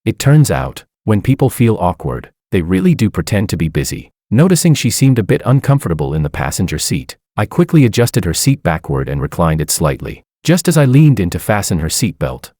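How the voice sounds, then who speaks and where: A young man narrating a first-person story in an even, steady reading. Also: deep voice, brisk, hardly any pauses, no room sound, studio quality.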